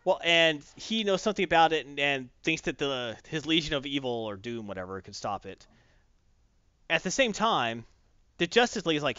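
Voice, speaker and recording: Male podcast host, high lively voice, dry dull lo-fi sound. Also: moderate pace, clear, resonant tone, dry recording. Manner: animated, acts out characters in silly voices. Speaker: podcast host recapping a comic. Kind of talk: casual chat.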